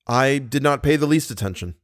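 A male narrator voicing an anxious, earnest young nobleman who answers softly. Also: medium pitch, lively intonation, brisk, no room sound, clean studio sound, lightly acted. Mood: subdued.

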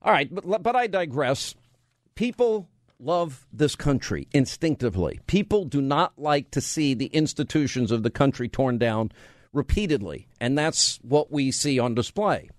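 A man's voice: medium pitch, lively intonation, normal speed, no echo. A man hosting a talk radio show, firing off rhetorical questions and bantering with his studio crew. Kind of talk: conservative talk radio monologue. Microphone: studio mic.

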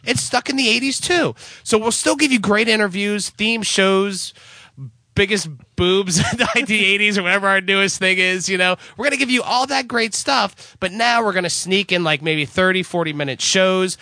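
An excitable man co-hosting a podcast, rambling and stammering as he pitches a new idea in casual banter. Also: moderate pace, dry recording. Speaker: podcast co-host.

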